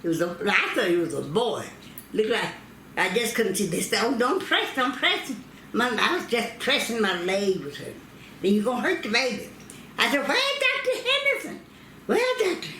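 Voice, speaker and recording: A woman's voice: medium pitch, pushed and bright, echoey room, a little hiss or hum. An older woman from North Carolina, recalling childbirth stories, acting out quoted voices and laughing often. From North Carolina, United States. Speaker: interviewee telling family history.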